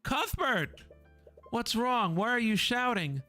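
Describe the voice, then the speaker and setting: A man voicing a stern, composed young woman mentor, speaking in a firm, calming way. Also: a little high, slow pace, faint music behind, pitched above the performer's own voice, exaggerated voice. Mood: alarmed.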